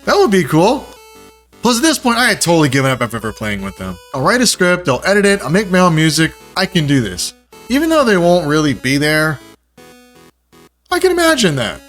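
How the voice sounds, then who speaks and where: Animated man telling a self-mocking story. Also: a little high, a little fast, soft background music. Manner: animated and self-mocking, jumps into playful quoted voices. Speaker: video creator. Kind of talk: casual storytelling voice-over.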